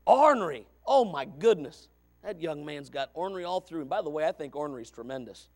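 A man preaching a sermon as pastor, folksy and repetitive, swinging from quiet talk to fervent shouting. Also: fairly high pitch, animated, fairly quick. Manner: folksy, repeats phrases.

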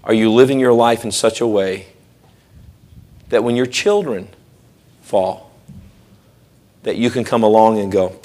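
A man preaching a sermon in church, animated, acting out quoted voices and joking with the congregation. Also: fairly low pitch, a little slow, pauses often. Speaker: pastor. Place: church sanctuary.

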